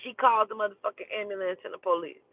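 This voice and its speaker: A woman's voice: mid-range voice, fast talker, no echo. A woman telling a story in a casual, profane and emphatic way. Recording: tinny phone line, dry.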